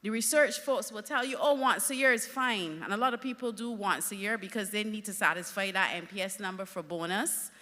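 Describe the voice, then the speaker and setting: A woman giving a conference talk, telling lively stories with emphatic punch. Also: medium pitch, a little fast, few pauses, long reverb tail. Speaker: conference speaker.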